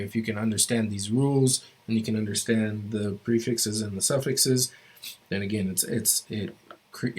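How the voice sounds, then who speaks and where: Male language teacher, low-pitched and even-toned, halting delivery, walks students through grammar rules. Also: slightly rough. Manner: halting, stops often to restart phrases; explains rules step by step to students. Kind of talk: classroom grammar lesson.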